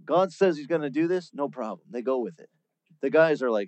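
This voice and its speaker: A man preaching a sermon, teaching through a Bible passage in a lively, conversational way. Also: medium pitch, a little fast, dry recording. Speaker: pastor.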